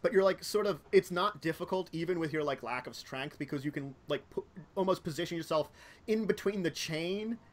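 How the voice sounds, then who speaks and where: A man's voice: on the high side, animated, brisk. A man narrating a tabletop game as game master, rambling with many fillers and self-corrections.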